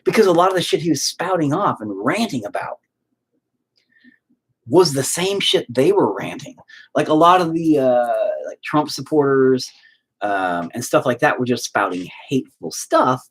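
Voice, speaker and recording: A man's voice: fairly high pitch, animated, moderate pace, slightly rough. A man ranting in casual podcast talk, profane and rambling.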